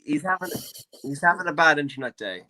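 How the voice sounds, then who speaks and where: A man's voice: a little high, expressive, quick pace, sharp tone. An American man hosting an online comedy show, loose and joking over a video call. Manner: loose, joking, swears casually. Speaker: host.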